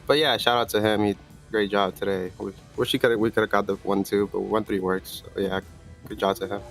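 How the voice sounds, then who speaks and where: Fast-talking, low-voiced race winner. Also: male voice, steady tone, creaky, soft background music. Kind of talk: post-race interview.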